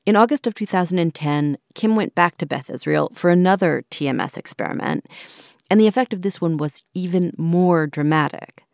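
A woman hosting and narrating a documentary in a measured, reflective way. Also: on the low side, gravelly, darkish tone, no echo, clean studio sound. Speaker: host and narrator.

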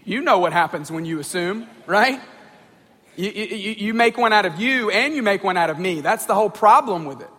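A man's voice: high-pitched, animated, fairly quick, pushed and bright, slightly rough, big-room sound. A man giving an informal talk to a group, conversational, often repeating words and checking in with the audience. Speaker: speaker addressing a group.

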